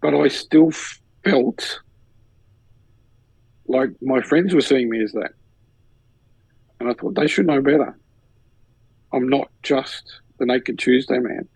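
Gravelly Australian man telling a story. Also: mid-range voice, slow pace, pauses often, no echo, low-quality recording. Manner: animated storyteller, acts out others' lines. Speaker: podcast co-host. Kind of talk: casual storytelling chat.

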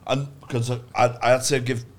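A young man, a comedian co-hosting a podcast, telling stories casually with lots of swearing and loud laughs. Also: mid-range voice, brisk, slight background noise. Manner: swears a lot, loud laughs, animated storytelling. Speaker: comedian co-host.

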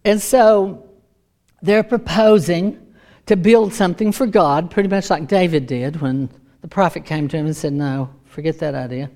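Woman preacher, sermon, emphatic, repeats points, lowish voice. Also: moderate pace, mellow. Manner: emphatic, repeats key lines.

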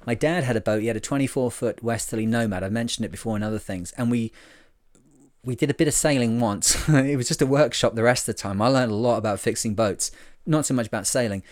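A man's voice: medium pitch, fast talker, a little mellow, no echo, clean studio sound. Rambling, jokey man talking solo. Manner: rambling and jokey, with many fillers and self-mocking asides. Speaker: podcast host. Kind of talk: casual solo podcast monologue.

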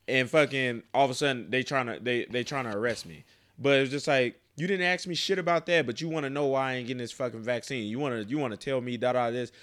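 A man's voice: medium pitch, fairly bright tone. Profane ranting army sergeant, man. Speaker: army NCO. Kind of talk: casual chat.

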